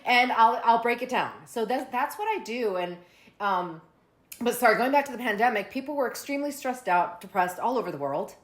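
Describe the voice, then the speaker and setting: A woman family therapist, a guest in a casual interview, who tells lively stories and acts out what people say. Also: a little high, fairly quick. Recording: roomy echo.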